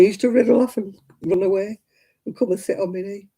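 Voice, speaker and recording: Older woman, very mellow dark tone, host telling rambling stories at a craft stream. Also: mid-range voice, steady tone, fast, gravelly, breathy edge, low-quality recording. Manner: chatty, rambling anecdotes with frequent "you know" asides. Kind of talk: casual storytelling chat.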